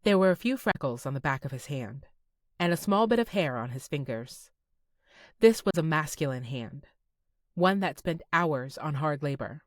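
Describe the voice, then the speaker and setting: A woman reading a first-person romance audiobook in a soft, dreamy manner, close to the mic. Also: deep voice, lively intonation, normal speed, no room sound. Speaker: audiobook narrator. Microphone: close studio mic.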